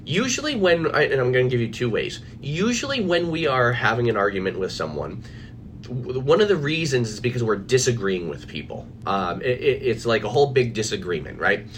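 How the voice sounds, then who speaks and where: A man's voice: mid-range voice, very animated, a little fast, fairly bright tone, a little hiss or hum. A man coaching on anxiety, talking casually and animatedly to viewers from his office, with fillers and restarts. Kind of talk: casual live video chat.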